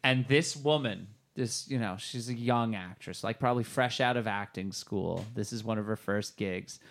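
A man's voice: on the low side, moderate pace, a bit bright. A man co-hosting a casual movie review podcast, loose and joking, laughing often. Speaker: podcast co-host.

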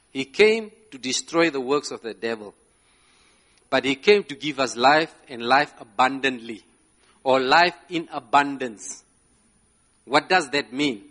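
Preaching to a congregation in person with slides up, a man speaks in a bright, forceful voice on the high side. He stays emphatic, often checking in with "yeah?" and laughing between his phrases.

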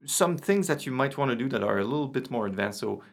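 Gravelly man. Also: medium pitch, quick pace. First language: French. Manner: relaxed, counts beats aloud while explaining. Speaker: guitar teacher. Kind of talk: casual online guitar lesson. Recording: guitar playing under the voice. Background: his own guitar.

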